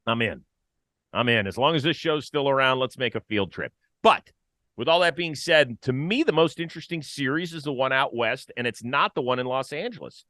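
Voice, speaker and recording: Bright-voiced male baseball show host. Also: medium pitch, a little fast, dry recording, studio quality. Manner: playful, stat-heavy, lively. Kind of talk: casual sports talk.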